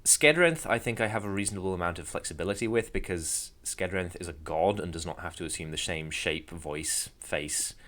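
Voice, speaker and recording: Deep-voiced man chatting on a podcast. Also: a little fast, few pauses, fairly bright tone. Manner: rambling, dry self-deprecating humor. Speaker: podcast co-host and game master. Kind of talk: casual chat.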